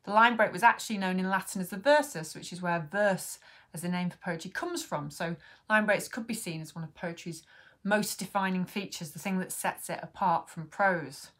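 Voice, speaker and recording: A woman teaches beginners about poetry in a friendly, explanatory way, pausing on frequent ums. Her voice sits a little low for a woman. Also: fairly bright tone. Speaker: poet and workshop host. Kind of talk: online poetry lesson to camera.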